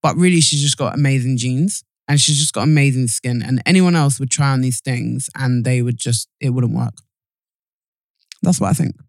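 A man's voice: mid-range voice, normal speed, creaky, no room sound. A man co-hosting a casual podcast, rambling and self-interrupting, a little chesty. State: slightly chesty. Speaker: podcast co-host. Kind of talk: casual chat.

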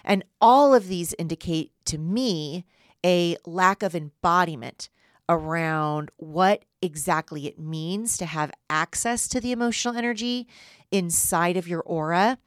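A woman hosts a solo podcast, talking in an earnest, explanatory way. Her voice sits a little low, and the recording is dry and close with no room sound. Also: no echo. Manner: earnest, explanatory, often asks "right?". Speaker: podcast host and human design coach. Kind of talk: solo podcast teaching talk.

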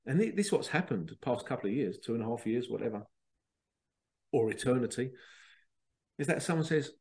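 A middle-aged man with a voice of ordinary middle pitch, talking loosely and casually as a podcast host. He rambles from thought to thought and slips into little voices for the people he quotes. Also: lively intonation, a little fast, darkish tone. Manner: chatty, rambling, acts out quotes. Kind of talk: casual monologue.

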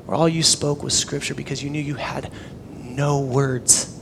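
A young man preaching a sermon, animated, swinging from loud emphasis to hushed near-whispers. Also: medium pitch, normal speed, creaky, background noise. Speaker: pastor.

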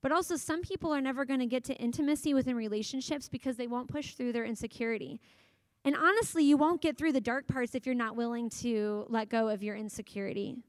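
A woman in her thirties delivers a sermon in a high, light voice, talking as casually as if chatting with friends and acting out little quoted exchanges. The sound is close and dry, with no room echo. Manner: conversational, animated storytelling with acted-out quotes. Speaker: pastor.

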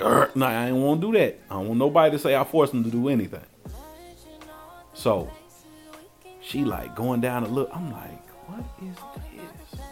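A man telling a profane personal story in a casual, animated way, acting out his own quoted lines. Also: mid-range voice.

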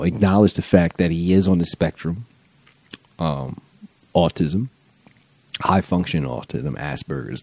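A man's voice: sits low, gravelly, a little mellow, no room sound. A man hosting his own podcast, talking in a loose, rambling and profane comedic monologue. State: high on mushrooms. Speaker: podcast host.

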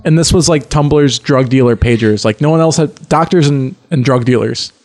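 A man's voice: mid-range voice, moderate pace, a little mellow, faint music behind. A man on a comedy podcast panel, telling rambling, crude jokes in casual chat.

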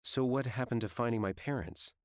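A man's voice: mid-range voice, fairly quick, clean tone, no room sound, studio quality, pitched above the performer's own voice, close to an everyday voice. A man voicing a caring, firm young woman. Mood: questioning. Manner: soft, lightly raised voice. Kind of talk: audiobook character voice.

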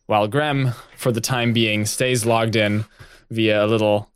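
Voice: mid-range voice, steady tone, a little slow, clear, resonant tone. A player in a tabletop game narrating and chatting in a rambling, laughing way. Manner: rambling, laughing, many restarts.

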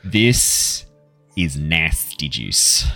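A man's voice: a bass voice, big pitch swings, very slow, sharp tone, faint music behind. A man, the dungeon master of a tabletop game, narrating vividly and laughing often.

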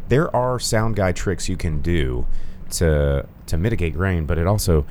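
Low, lively Southern man. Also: measured pace. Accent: Southern American. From American South. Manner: jokey, slips into mock voices. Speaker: podcast co-host. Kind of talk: casual chat. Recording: faint ambient noise, rain on the roof.

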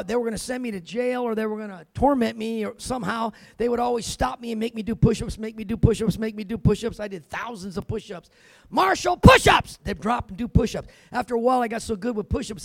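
High, gravelly-voiced male preacher. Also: darkish tone, no echo. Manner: emphatic storytelling, punctuated with "amen" and "man". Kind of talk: sermon with personal testimony.

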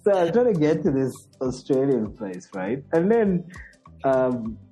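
A man, a podcast guest telling stories in a casual interview, animated and laughing often. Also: mid-range voice, measured pace, soft background music. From Zambia.

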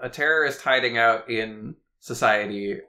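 A man guesting on a casual podcast chat, speaking haltingly and restarting his sentences. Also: medium pitch, bright, forceful tone.

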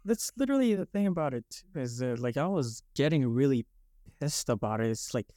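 A man's voice: mid-range voice, lively intonation, fairly quick, dark tone, dry recording, studio quality. A young man from Canada telling his story in a casual podcast chat, rambling with lots of likes and restarts. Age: young adult.

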